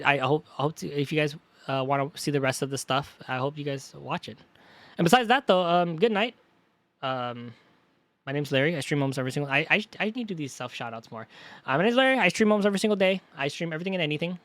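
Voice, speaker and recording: Young male streamer, loose jokey ramble, a touch high-pitched, dry close mic. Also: a bit bright, dry recording. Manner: rambling, self-correcting, jokey. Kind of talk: casual live-stream chat.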